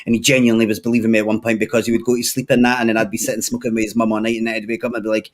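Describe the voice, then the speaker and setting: A man's voice: mid-range voice, racing, few pauses. A young Scottish man telling crude stories in a casual chat, swearing freely and laughing often. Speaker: podcast regular.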